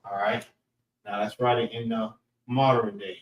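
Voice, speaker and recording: A man's voice: fairly low pitch, level tone, highs cut off. Man teaching a class, repeats words over and over, echoey room. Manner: slow, repeats terms and says "all right" often. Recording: roomy echo, voice from far off the mic.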